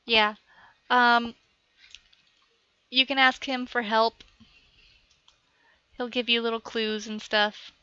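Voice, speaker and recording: A woman's voice: a little high, flat delivery, slow, long pauses, bright, forceful tone, smooth, no room sound, highs cut off. A woman chattily narrating a video game tutorial from her computer at home, talking aside to her cat as she plays. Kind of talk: rambling gameplay tutorial.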